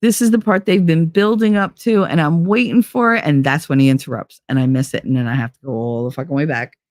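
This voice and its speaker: A middle-aged woman hosting a live show, chatting casually in a blunt, profane, animated way. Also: deep voice, fast talker, no room sound, studio quality. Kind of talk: casual chat on a live stream.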